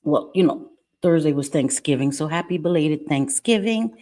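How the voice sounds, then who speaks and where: A woman's voice: sits low, expressive, normal speed, warm tone. A middle-aged woman of Puerto Rican heritage hosting a casual live stream at home, chatting, greeting viewers by name and keeping her voice down.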